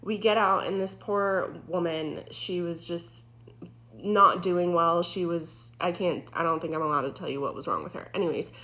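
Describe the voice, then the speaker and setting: A woman's voice: fairly low pitch, moderate pace. A young woman, a former EMT, casually retelling a frightening experience with lots of fillers. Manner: animated, filler-heavy retelling. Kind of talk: casual storytelling.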